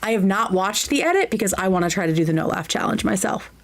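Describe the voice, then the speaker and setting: A woman's voice: medium pitch, animated, fast talker. A woman streamer chatting casually while reacting to a clip, bubbly and giggly, who slips into fluent French.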